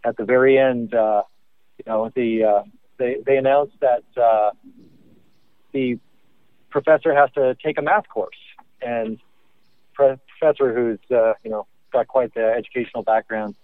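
A man's voice: medium pitch, fairly even intonation, normal speed, pauses often, dry recording. A man co-hosting a podcast by phone while driving, telling a joke in a hesitant, rambling way full of fillers. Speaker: podcast co-host. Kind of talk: casual chat by phone. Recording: tinny phone line.

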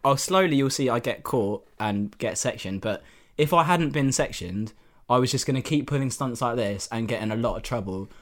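A man's voice: mid-range voice, moderate pace. Young man, casual podcast chat, laid-back, salty language, laughs a lot. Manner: laid-back, swears, laughs often, animated when telling stories.

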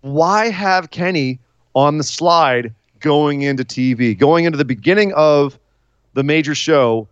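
A man co-hosting a podcast in casual chat, joking and animated, with quick asides. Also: a little high, clear, resonant tone, dry recording, highs cut off. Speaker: podcast co-host.

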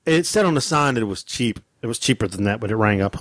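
A man's voice: mid-range voice, fast, hardly any pauses, no echo. A man telling a story on a casual podcast, acting out the people he quotes and swearing freely. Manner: animated storytelling, acts out quotes, swears a lot. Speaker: podcast co-host.

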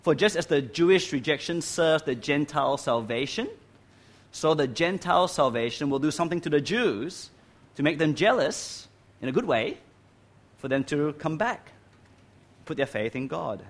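A man's voice: a little high, expressive, moderate pace. Male preacher, church hall with aircon, explanatory sermon, leans on key words. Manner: stresses key words, asks "right?" often. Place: church hall with air conditioning.

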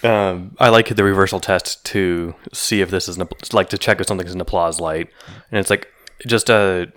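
A man's voice: low voice, steady tone, moderate pace, a bit bright. A man co-hosting a podcast, talking loosely in casual chat, often trailing off and restarting his thoughts. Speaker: podcast co-host. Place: Colorado.

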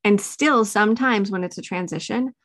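A woman as a parenting expert guest in a casual podcast interview, telling stories with lively quoted dialogue and frequent laughter. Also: medium pitch, moderate pace, no echo, studio quality. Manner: animated storytelling, acts out parent and child quotes, laughs often.

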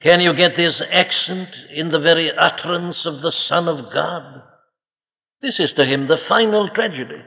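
A man preaches a solemn, emphatic sermon to a church congregation, posing rhetorical questions. His voice sits on the high side with vocal fry, at a normal speed. The lo-fi archive recording carries long hall reverb.

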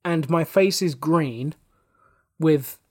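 A man, a podcast guest telling a casual anecdote, acting out his own quotes with big leaps in pitch and swearing freely. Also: takes it slowly, darkish tone.

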